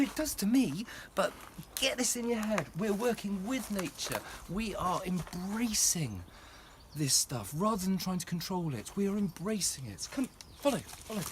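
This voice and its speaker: A man's voice: high voice, background noise. A man giving a passionate, emotional walking tour of his plant nursery, talking to camera outdoors.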